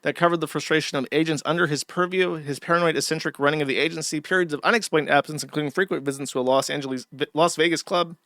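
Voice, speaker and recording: A man's voice: fairly high pitch, steady tone, fast talker, few pauses, fairly bright tone, no echo, clean studio sound. A man hosting a live stream, delivering sardonic and profane commentary. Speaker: streamer host.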